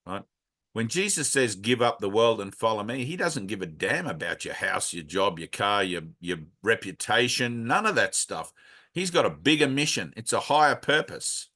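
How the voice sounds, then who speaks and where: A man's voice: fairly low pitch, sing-song, normal speed, sharp tone. A man leading a casual spiritual talk, speaking bluntly and frankly, swearing freely, and wandering through asides. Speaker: spiritual teacher leading a satsang.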